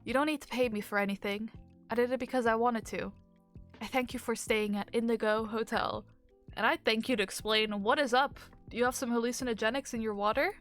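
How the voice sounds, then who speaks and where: A woman's voice: fairly high pitch, fairly even intonation, a little fast, a bit bright, faint music behind, natural voice. A woman voicing a kindly male hotel keeper who chuckles and talks in an old-fashioned, genial way, in a game.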